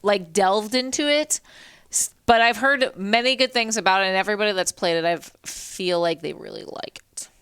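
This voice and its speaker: A woman chatting casually while playing a game on stream, excitable and chatty. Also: medium pitch, normal speed, clean tone, dry recording, clean studio sound. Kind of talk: casual let's-play chat.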